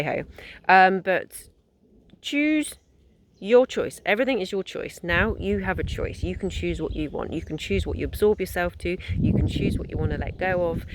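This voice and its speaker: A woman's voice: fairly low pitch, fairly even intonation, moderate pace. A woman, a holistic therapist giving a conversational wellness talk that rambles and encourages, with many fillers and restarts.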